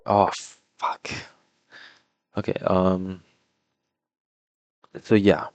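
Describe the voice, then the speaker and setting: This young adult vlogger from Toronto, Canada speaks low and completely flat, very slowly, with a slightly mellow tone on a lo-fi recording with no room sound. Working on a puzzle, he mumbles laid-back asides while rambling through a personal story full of "like" and "um" fillers.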